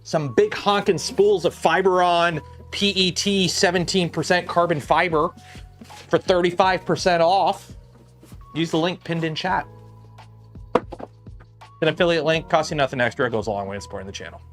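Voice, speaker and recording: A man with a slightly raised speaking pitch hosts a casual livestream from his workbench and drifts between topics. He talks in a loose, rambling way full of "like" and "uh", and faint music plays underneath. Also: moderate pace, pauses often, a bit bright. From Canada. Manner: rambling, chatty, filler-heavy. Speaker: livestream host.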